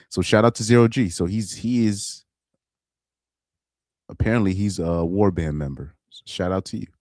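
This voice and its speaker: A man's voice: low-pitched, measured pace, long pauses, a little mellow, no room sound, studio quality. A man casually commenting on a live stream, rambling and repeating himself. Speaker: live streamer reacting to videos.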